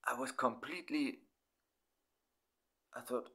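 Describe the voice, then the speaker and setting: A middle-aged German man speaking in halting, broken English. He talks through his feelings in a personal monologue and swears often. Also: mid-range voice, sing-song, fairly bright tone. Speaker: vlogger.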